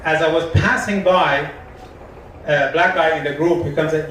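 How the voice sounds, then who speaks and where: A man with a high voice does live stand-up in a lounge. He tells stories deadpan and acts out both sides of each conversation. The sound is very echoey and picked up from some distance, with a faint room hum behind it. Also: moderate pace. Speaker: stand-up comedian. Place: shisha lounge.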